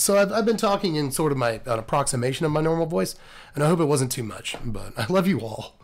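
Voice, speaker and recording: A man signs off his video, his voice scratchy and hoarse from laryngitis. It sits a little high, with heavy gravel under every word. He rambles and cracks jokes in a casual way. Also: very animated, quick pace. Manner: joking, rambling. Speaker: host.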